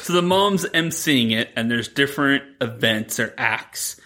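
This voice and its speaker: A man co-hosting a podcast talks in a loose, rambling way, mocking what he describes and slipping in laughs. His voice sits at a middle pitch for a man. It is unhurried, easygoing chat. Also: animated, bright, forceful tone. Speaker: podcast co-host. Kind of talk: casual chat recapping a movie.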